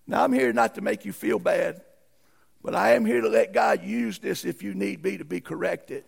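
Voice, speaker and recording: Male pastor, folksy emphatic sermon, high gravelly voice. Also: normal speed. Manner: folksy, emphatic preaching with rising outbursts.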